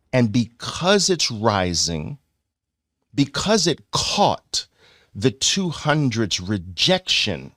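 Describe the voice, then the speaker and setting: A man with a New York accent teaching a trading chart lesson, playful and animated, acting out lines for the moving averages. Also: on the low side, no echo, clean studio sound. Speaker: trading educator.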